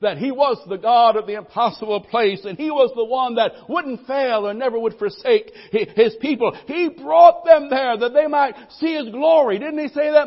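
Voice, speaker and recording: A man preaching a sermon as pastor, calling for amens from the congregation and swinging from loud declarations to soft, low asides. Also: normal speed, few pauses, dull audio. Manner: preaching with call-and-response amens, voices people's worries.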